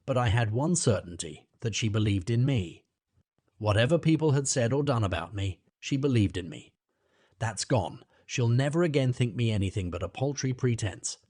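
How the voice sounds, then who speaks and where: A man's voice: medium pitch, no echo, clean studio sound, close to an everyday voice. Man voicing a furious, wounded young man. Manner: bursting out, sharp-edged. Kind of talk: audiobook character reading.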